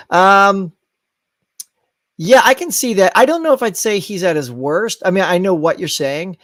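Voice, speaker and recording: Male host, casual live-chat delivery, rambling and animated, slightly high voice, dry close mic. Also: unhurried, no echo. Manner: rambling and animated, laughs at his own tangents. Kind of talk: casual live-stream chat reading viewer comments.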